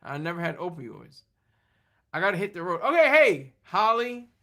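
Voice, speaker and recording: A tired livestream host rambles through casual chat with a bright, forceful voice, laughing often and answering viewers' comments as they come up. The pitch sits mid-range. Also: big pitch swings, normal speed. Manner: tired, running on fumes.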